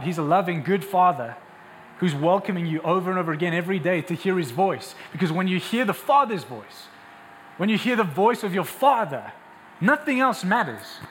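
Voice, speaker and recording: A young male pastor preaches in a high, bright-edged voice. He moves between relaxed, chatty asides and emphatic, rising calls to the congregation. His voice rings out with a long hall reverb over a faint background hiss. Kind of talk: sermon.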